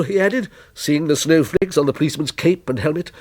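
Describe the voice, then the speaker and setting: A man reading a short story aloud in a measured, dramatic way. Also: on the high side, expressive, a little mellow.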